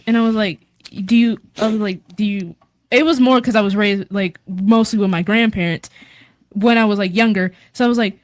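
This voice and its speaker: A teenage girl, a high school student guest, chatting casually with a rambling, filler-heavy way of talking. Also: steady tone, no room sound. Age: teens. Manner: rambling, quick, lots of fillers. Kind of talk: casual chat.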